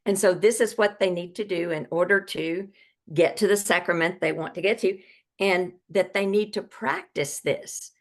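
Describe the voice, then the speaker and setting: A woman's voice: lowish voice, normal speed. A woman who leads catechesis, sharing ideas in an online workshop over a video call, conversational, often repeating words. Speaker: catechetical leader.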